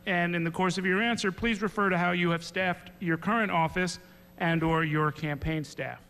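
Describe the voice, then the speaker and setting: A man on a debate panel, putting a long formal question to the candidates in a measured way. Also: high-pitched, fairly even intonation, pushed and bright. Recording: reverberant hall with faint hum.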